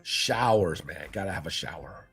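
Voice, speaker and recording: A man's voice: lively intonation, moderate pace, fairly bright tone, breathy edge, soft background music. A man talking casually as a guest on a podcast, laid-back and often saying "man". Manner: laid-back, says "man" a lot, acts out quotes with a jump in pitch. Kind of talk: casual chat.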